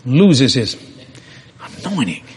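An older male preacher tells a sermon story in a husky, slightly breathy voice. His pitch swings widely as he acts out the exchanges with folksy animation. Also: very animated, takes it slowly.

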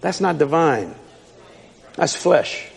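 A man preaching a sermon in a church hall, fiery and emphatic, shouting and repeating his lines. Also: fairly high pitch, sing-song, takes it slowly, creaky. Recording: long hall reverb.

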